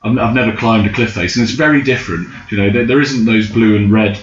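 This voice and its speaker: A man's voice: fairly low pitch, fast talker, a little hiss or hum. A young man casually telling a long, sweary anecdote as a guest in a chat. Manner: rambling, swearing anecdotal storyteller. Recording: roomy, slightly dull sound.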